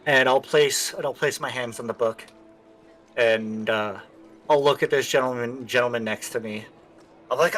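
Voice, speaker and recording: Guy playing dnd, chatty, goes theatrical and hushed for his character bits. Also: medium pitch, normal speed. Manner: animated, slips into a theatrical conspiratorial voice in character. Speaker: player. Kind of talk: tabletop role-play, in and out of character.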